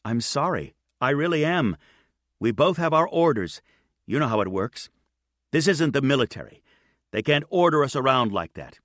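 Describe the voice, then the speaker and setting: A man voicing a patient, steady female airline captain who speaks quietly and kindly. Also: mid-range voice, normal speed, no echo, studio quality, voice pushed up. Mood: calm.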